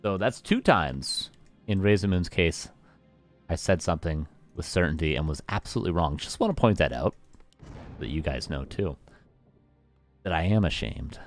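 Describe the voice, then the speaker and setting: A man's voice: sits low, animated, moderate pace, long pauses, soft background music. A Canadian man casting a live strategy game match, chatty and self-mocking, thanking viewers by name between plays. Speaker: esports caster.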